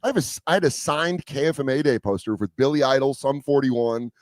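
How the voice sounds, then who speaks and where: A man's voice: medium pitch, brisk, no room sound. A man chatting on a studio mic in a dry, close sound, spinning stories with lots of energy. He swears casually and jumps into quoted voices as he goes, an easygoing comedian on a talk show. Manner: animated storyteller who acts out quoted voices, swears freely. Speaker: comedian guest. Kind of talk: casual storytelling chat.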